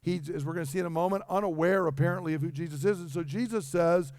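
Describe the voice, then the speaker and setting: A man's voice: on the high side, fast, few pauses, darkish tone, no room sound, studio quality. A man preaching a sermon in a conversational way, acting out the dialogue he quotes. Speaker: pastor.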